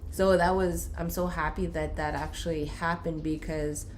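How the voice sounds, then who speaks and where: A woman with an unusually low voice who talks thoughtfully about her own growth. She speaks in an open, sincere manner. Faint room ambience can be heard. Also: steady tone, moderate pace, darkish tone, slight background noise. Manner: reflective and earnest, speaking openly about her personal growth. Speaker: podcast co-host. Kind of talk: casual conversation.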